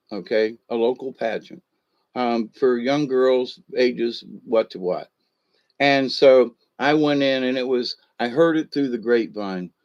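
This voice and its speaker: A man's voice: mid-range voice, darkish tone, highs cut off. A man, chuckling as he tells a rambling personal story full of ums and uhs. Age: 60s. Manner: rambling, chuckling, with many fillers.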